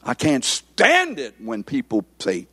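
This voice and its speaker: A man's voice: medium pitch, wildly swooping pitch, slow, bright, forceful tone, slightly rough, dry recording. A man preaching a sermon, emphatic and repetitive, often calling on the congregation for amens. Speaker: pastor.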